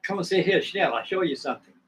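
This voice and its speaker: A man's voice: sits high, expressive, quick pace, a bit bright, pitched above the performer's own voice. A man putting on a hearty old pilot. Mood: proud. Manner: broken English, hearty and welcoming. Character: cheerful older German man, former dive-bomber pilot. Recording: distant mic with faint background noise.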